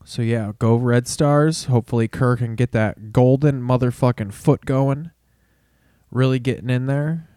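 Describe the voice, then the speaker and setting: A man's voice: medium pitch, fairly even intonation, measured pace, mellow, smooth, no room sound, studio quality. A man hosting a podcast, rambling through a casual sports monologue with heavy swearing. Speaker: podcast host.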